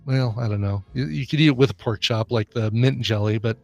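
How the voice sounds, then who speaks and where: A man's voice: medium pitch, fairly quick, a little mellow, no echo, soft background music. A man co-hosting a podcast in casual chat, musing and making playful arguments. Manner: chatty, musing, argues playful points. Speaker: podcast co-host.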